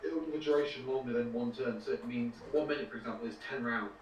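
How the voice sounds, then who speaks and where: A man's voice: medium pitch, fairly even intonation, fast talker, lo-fi sound. A man playing a tabletop game, chatting casually, joking and swearing freely. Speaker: player. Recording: echoey room, from a distance, faint noise.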